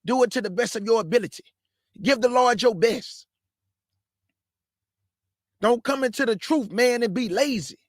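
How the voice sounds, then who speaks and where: A man's voice: very high-pitched, normal speed, long pauses, dry recording, clean studio sound. A man preaching live to young people, fervent and repetitive, often calling listeners man and family. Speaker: host and preacher.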